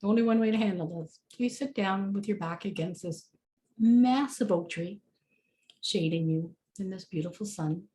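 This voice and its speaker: Lady talking you through a meditation, mellow warm tone, chatty, lots of kind ofs and wells. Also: medium pitch, moderate pace, a little hiss or hum. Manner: casual, chatty, many fillers. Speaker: meditation guide. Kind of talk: guided meditation.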